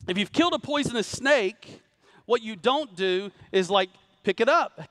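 A man's voice, pitched high for a man, preaches to a live congregation in a church. He swings from rising, urgent calls for amens down to low, hushed emphasis. The sound is close and dry, with little room in it. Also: animated, moderate pace, no echo. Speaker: pastor. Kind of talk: sermon. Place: church sanctuary before a congregation.

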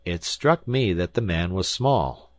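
A man's voice: low-pitched, animated, a little slow, no room sound. A man voicing a skeptical young journalist who argues earnestly and with disbelief. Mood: incredulous. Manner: earnest, incredulous.

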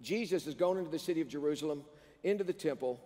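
High-voiced pastor preaching in a reverberant hall. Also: male voice, fast. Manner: animated preaching with call-and-response prompts to the congregation. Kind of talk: sermon. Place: large church sanctuary. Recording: long reverb of a church hall.

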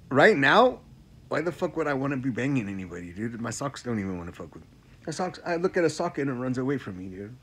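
A male comedian doing a profane stand-up rant, repeating lines and swinging from loud outbursts to low mutters. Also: a little hiss or hum.

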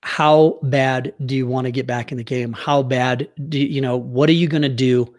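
A middle-aged American youth hockey coach, appearing as a podcast guest, tells a heartfelt personal story with earnest feeling, choking up at times. His medium-pitched voice stays steady at a normal speed.

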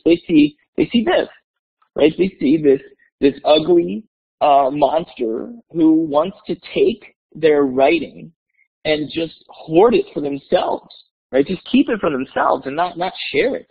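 A man who is an educator, presenting in a webinar as an animated storyteller who repeats words as he goes. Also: fairly high pitch, gravelly, breathy edge. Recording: tinny phone-like webinar audio.

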